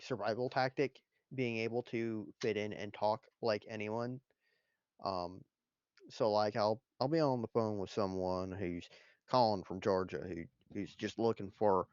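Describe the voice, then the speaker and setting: A man's voice: fairly low pitch, clear, resonant tone, dry recording. Easygoing guy telling stories on a whiskey stream, dull muffled mic, dead dry sound. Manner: storytelling, easygoing. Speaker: whiskey show co-host and dungeon master. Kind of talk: casual chat.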